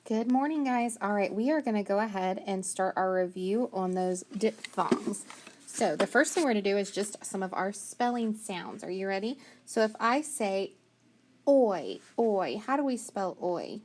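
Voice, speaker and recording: A woman teaching a phonics lesson, slowly sounding out letters and praising the students often. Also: medium pitch, slight background noise.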